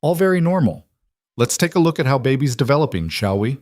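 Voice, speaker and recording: A man voicing a warm, gentle doctor woman. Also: medium pitch, very animated, a little fast, no room sound, clean studio sound, voice pushed up, close to an everyday voice. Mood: reassuring. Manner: gentle, reassuring. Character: calm, warm female doctor.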